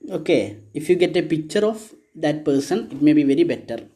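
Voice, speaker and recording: A man with an Indian English accent teaching a school English lesson, explaining slowly, repeating words and checking whether students understand. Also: on the high side, expressive, mellow. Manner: slow, repetitive, checks understanding with "okay? is it clear?".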